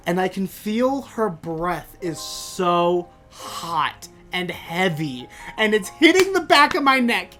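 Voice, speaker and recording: Animated man telling a funny story. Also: slow, few pauses, soft background music. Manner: animated, jokey, rises in pitch when excited. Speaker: podcast host. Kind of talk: comic storytelling.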